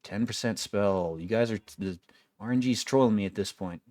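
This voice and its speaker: A man's voice: lowish voice, moderate pace, darkish tone, no echo. A young man giving casual gameplay commentary, wry and complaining, swearing freely as he plays. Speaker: gaming video creator.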